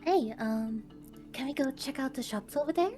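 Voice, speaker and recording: A woman's voice: sits high, normal speed, mellow, soft background music, close to an everyday voice. A woman voicing a cutesy, cheerful young girl in a live visual novel reading, pleading sweetly.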